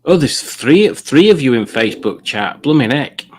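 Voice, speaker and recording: Man, live-stream quiz host, mid-pitched voice, rambling jokey chat reading comments into a desk mic. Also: very animated, normal speed. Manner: jokey, rambling, chuckling at puns.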